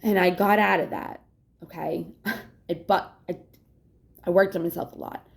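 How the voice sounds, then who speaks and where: A woman's voice: lowish voice, steady tone, normal speed, gravelly. A young adult woman talking candidly in a casual personal vlog, rambling, swearing often and laughing between thoughts. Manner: yawns to catch her breath. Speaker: vlogger.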